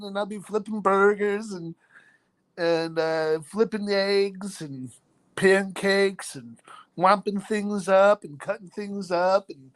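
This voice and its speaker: His voice is high and a bit bright, with fairly flat intonation and a measured pace. Hosting a laid-back live stream, he reads off viewer names, makes self-deprecating jokes, and laughs frequently.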